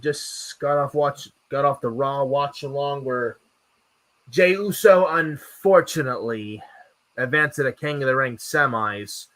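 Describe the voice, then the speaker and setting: A man's voice: medium pitch, unhurried, a bit bright. A man co-hosting a wrestling post-show, ranting in a casual, profane way and repeating himself. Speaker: podcast co-host. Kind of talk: casual wrestling recap chat.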